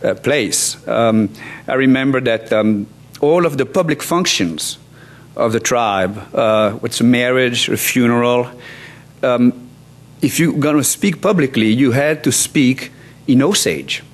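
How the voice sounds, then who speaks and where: A man's voice: mid-range voice, a little slow. A law professor in his sixties, from France, giving a conference talk with many restarts, fillers and wry asides. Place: conference hall.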